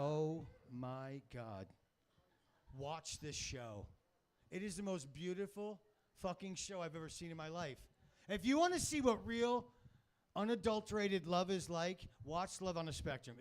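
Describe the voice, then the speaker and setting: A middle-aged man doing a rambling, crude, self-mocking stand-up comedy set on a club stage, swearing a lot as he hosts the show. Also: high voice. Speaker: stand-up comic and show host.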